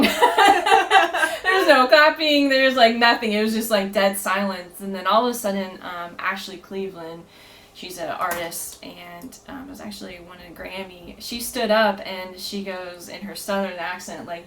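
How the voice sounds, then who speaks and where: A woman's voice: medium pitch, unhurried, a bit bright, a little hiss or hum, low-quality recording. Earnest storytelling woman, laughs often. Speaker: podcast guest. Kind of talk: casual storytelling.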